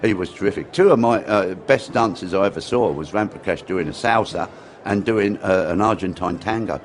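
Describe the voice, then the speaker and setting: A man's voice: low-pitched, moderate pace, soft background music. A man, a guest telling anecdotes and acting out quotes. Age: 60s. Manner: animated, acts out quotes, repeats words. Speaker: interview guest, former dance teacher. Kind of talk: anecdotal storytelling in an interview.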